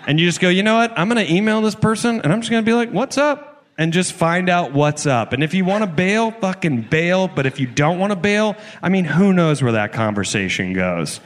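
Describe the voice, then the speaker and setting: This is a man co-hosting a comedy podcast in front of a live festival crowd. His voice sits a bit high and leaps all over the place as he gets excited and blurts out loud, profane asides. A long reverb from the hall trails every line. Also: fairly quick, hardly any pauses. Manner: excitable, bursts into loud exclamations, swears casually. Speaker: podcast co-host.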